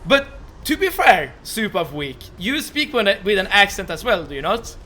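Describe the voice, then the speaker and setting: Bright-voiced Swedish-accented man streaming. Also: high voice, very animated, moderate pace, a little hiss or hum. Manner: stammering, repeats words, laughs often. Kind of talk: casual live-stream chat with viewers. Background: soft game music.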